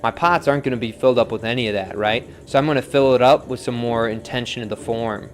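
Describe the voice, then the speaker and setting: A man's voice: mid-range voice, quick pace. Laid-back man teaching pottery live. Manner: relaxed, chatty, reads viewer comments, counts aloud softly. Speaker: potter demonstrating on the wheel. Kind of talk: live-streamed pottery demo, casual teaching. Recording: faint music in background.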